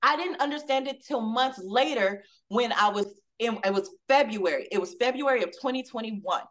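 A woman guest on a podcast, telling a personal story in an animated way and acting out the dialogue. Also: on the high side, moderate pace. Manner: acts out quoted dialogue with lively shifts; emotional, testimonial tone.

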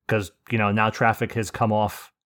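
A man's voice: lowish voice, level tone, normal speed, a bit bright. A man hosting a podcast in casual chat, telling rambling stories with swearing and laughs. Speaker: podcast host.

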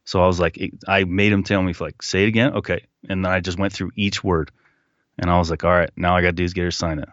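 A man guest telling a personal story in a casual, animated way, acting out what people said. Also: sits low, fast, no echo, highs cut off. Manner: animated retelling, acting out quotes. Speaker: podcast guest.

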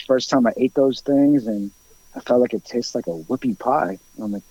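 A man telling a long story in casual chat, rambling with many fillers and lively quoted voices. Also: mid-range voice, moderate pace, dull audio.

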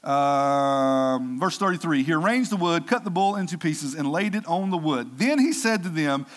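A man preaching a sermon in a lively, playful way. His voice sits a little high for a man. He reads scripture and throws questions out to the congregation. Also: normal speed, hardly any pauses.

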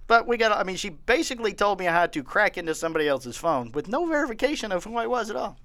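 A man's voice: high-pitched, fast talker, no echo. A man co-hosting a podcast, telling stories in casual chat and laughing often. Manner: laughing, animated storyteller. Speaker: podcast co-host.

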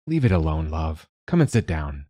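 A man voicing a weary, gentle father, speaking softly and low. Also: sing-song, normal speed, no echo, clean studio sound, heavily acted. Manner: soft, weary.

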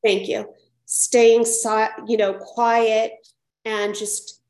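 A woman's voice: on the high side, flat delivery, extremely slow, darkish tone, reverberant. A woman telling her own recovery story at a support meeting, reflective and repeating phrases, often asking "right?". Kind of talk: personal share at a support meeting.

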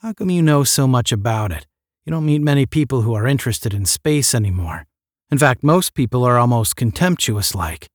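A man's voice: medium pitch, animated, a little fast, no room sound, close to an everyday voice. Guy doing a laid-back retired spaceman, slangy talk, dry sound. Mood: casual. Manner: casual, slangy. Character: retired male spaceman, casual and rough-spoken.

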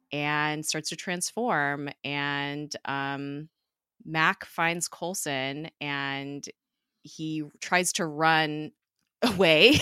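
A woman's voice: sits low, sharp tone, no room sound, clean studio sound. A woman co-hosting a podcast, recapping an episode in a casual, chatty way, with plenty of fillers and frequent laughs. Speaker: podcast co-host.

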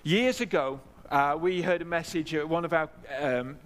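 A pastor preaches a sermon in church, earnestly repeating key phrases for emphasis. His voice is on the high side and moves at a moderate pace, carried by a long hall reverb.

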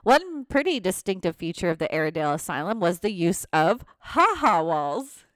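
Animated woman telling ghost stories. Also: lowish voice, normal speed, dry recording. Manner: animated, laughs often, reads facts with asides. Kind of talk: casual storytelling chat.

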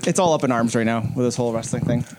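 A man's voice: medium pitch, racing, noisy background. A man, a father of young kids, co-hosting a casual podcast chat, laid-back, laughing easily and trailing off mid-sentence. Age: adult with young children. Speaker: podcast co-host.

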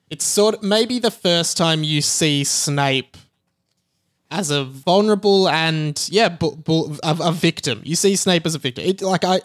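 A man appearing as a podcast guest, his voice a bit higher than most men's. He talks earnestly and stumbles on his words now and then. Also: fairly bright tone. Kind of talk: casual chat.

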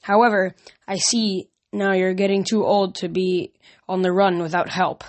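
A woman's voice: mid-range voice, little pitch movement, normal speed, natural voice. A woman reader voicing a male god and absent father who speaks in a grave, restrained, sad way in a storybook. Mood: sorrowful.

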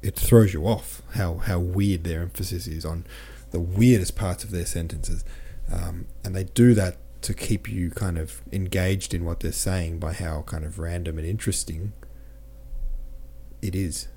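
A podcast host talking through a novel in a loose, rambling way. His voice sits low and has a dark, mellow tone. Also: fairly even intonation, a little slow, a little hiss or hum. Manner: rambling, conversational, reads listener comments aloud. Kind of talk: casual book discussion.

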